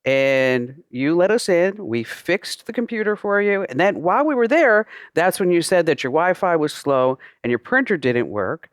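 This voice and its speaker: A pushy tech-support scammer, played by a woman host, insists that an invoice is owed. The delivery rambles and restarts, and the pitch swings in a lively way. The sound is close and dry. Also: moderate pace, few pauses, dry recording.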